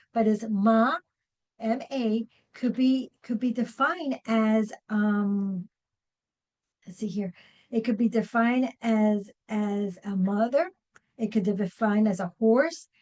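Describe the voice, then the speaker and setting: A woman's voice: a little high, a little mellow, poor audio. A woman presenting a professional workshop to a live audience, with many fillers and restarts. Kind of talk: live seminar talk.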